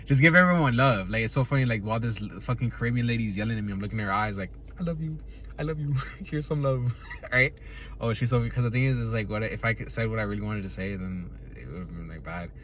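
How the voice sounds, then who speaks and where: A man's voice: fairly low pitch, racing, few pauses, a bit bright, a little hiss or hum. A young man hosting a podcast, rambling casually in a profane, laid-back way, often laughing and tagging his thoughts with "right?". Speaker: podcast host.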